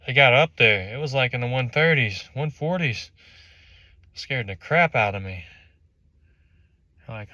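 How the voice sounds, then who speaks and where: Unhurried and pausing often, a medium-pitched man delivers a motivational story addressed to "you," vividly performing the scenes with animation. There's no echo on the recording.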